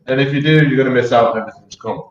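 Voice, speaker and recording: A man's voice: medium pitch, rapid-fire, dull audio. British man chatting on echoey voice call. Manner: chatty, repeats words, laughs easily. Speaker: project team member hosting community AMA. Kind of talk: casual community voice chat. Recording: echoey voice chat.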